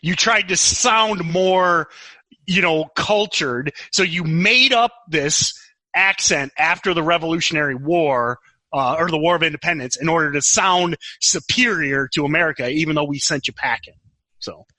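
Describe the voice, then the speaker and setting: A man's voice: on the high side, normal speed, no room sound, rough recording. An older man co-hosting a podcast, chatting casually and teasing his co-host with jokes. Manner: animated, teasing, joking. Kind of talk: casual chat.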